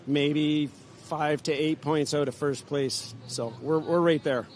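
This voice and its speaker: An older man speaks out of breath just after a race, stopping and restarting his sentences in a modest way. His voice sits a little high. Faint outdoor ambience and engine noise hang behind him. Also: fairly even intonation, takes it slowly, darkish tone. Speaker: racer interviewed after winning. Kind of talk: post-race interview. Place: outdoors at a racing venue.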